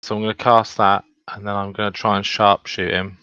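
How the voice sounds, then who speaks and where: A man's voice: fairly low pitch, flat delivery, brisk, pushed and bright, clear, resonant tone, no room sound. A man playing a tabletop game online, talking casually and thinking aloud over his moves. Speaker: player. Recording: dry, dull home mic.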